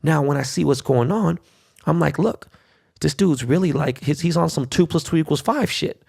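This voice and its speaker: A man's voice: a little high, a little fast, vocal fry, a little mellow, slightly rough. A middle-aged man hosting his own podcast, ranting brashly and cursing a lot. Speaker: podcast host. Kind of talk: solo podcast rant.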